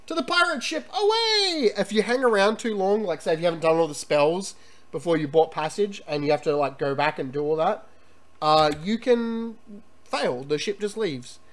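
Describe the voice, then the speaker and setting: A man streaming a retro computer game, chatting excitedly and reading the game's text aloud. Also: on the high side, normal speed. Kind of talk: casual gameplay commentary and reading game text.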